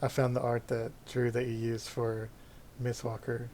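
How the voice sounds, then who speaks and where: A man's voice: mid-range voice, completely flat delivery, moderate pace, a little mellow, slight background noise. A man narrating as game master in a casual, loose way with plenty of fillers.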